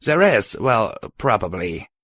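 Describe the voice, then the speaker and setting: A man's voice: on the low side, very animated, a bit bright, no echo, exaggerated voice. A man voicing a nervous, twitchy stallion scientist in an audiobook of a pony story. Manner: nervous, hurried, defensive.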